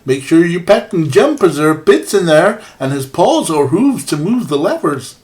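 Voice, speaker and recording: A man voicing a jolly old male woodsman in a deliberately bad put-on Canadian accent, reading game text aloud. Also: on the high side, sing-song, a little mellow. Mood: hearty.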